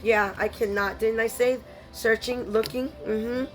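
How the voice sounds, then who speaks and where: A woman's voice: fairly high pitch, steady tone, a little slow, soft background music. A woman giving a spiritual tarot reading, blunt and scolding, full of streetwise slang. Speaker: tarot reader.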